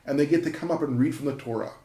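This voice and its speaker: Animated professor telling a story. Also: male voice, fairly high pitch, very fast. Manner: enthusiastic storytelling with frequent fillers and restarts. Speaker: university professor. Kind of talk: interview conversation. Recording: echoey room.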